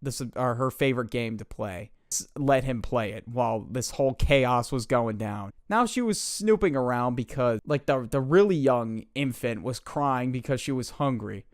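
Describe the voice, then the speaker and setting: A man's voice: mid-range voice, expressive, moderate pace, no echo, clean studio sound. A young man casually retelling a viewer's story in slangy, filler-heavy talk. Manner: slangy, fillers like "like" and "bro", loose and chatty.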